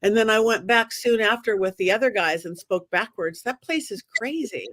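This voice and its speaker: A woman guest, a medium, telling her story in an animated way and acting out the voices of the people in it. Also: mid-range voice, normal speed, dry recording. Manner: expressive, acts out quoted voices.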